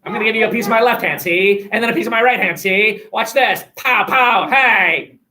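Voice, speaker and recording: A man's voice: high-pitched, a little fast, bright, forceful tone, pitched above the performer's own voice. A man putting on a brash 1920s tough guy. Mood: swaggering. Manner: brash, punchy, boastful. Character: fast-talking 1920s male tough guy.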